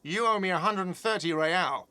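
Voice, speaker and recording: A man's voice: high-pitched, normal speed, crowd noise, natural voice. A man voicing a whiny, defensive cafeteria manager in a game dub. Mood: indignant. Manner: defensive, indignant.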